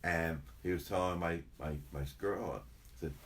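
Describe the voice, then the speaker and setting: An older man, a chiropractor appearing as an interview guest, chats casually in a low, slightly slow voice. He rambles and repeats himself as he tells stories.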